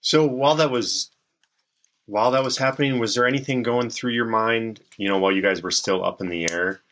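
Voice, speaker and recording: A man hosting an interview, asking a halting question. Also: mid-range voice, fairly bright tone. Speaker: podcast host.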